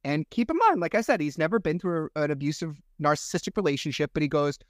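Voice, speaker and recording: A man hosting a podcast, telling stories in a casual, animated way with plenty of fillers. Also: on the high side, quick pace, dry recording, studio quality. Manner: chatty, animated storyteller with fillers. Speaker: podcast host.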